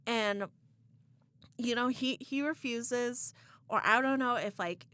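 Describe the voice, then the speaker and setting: A woman's voice: a little high, slow, pushed and bright, no echo. Candid young woman telling a story. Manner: candid, emotional retelling with quoted dialogue. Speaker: podcast co-host. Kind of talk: casual chat, storytelling.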